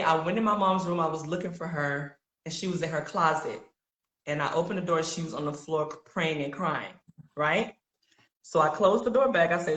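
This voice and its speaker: Woman telling a faith story, bright forceful voice, acts out the quotes, echoey room. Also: sits low. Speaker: podcast guest sharing testimony.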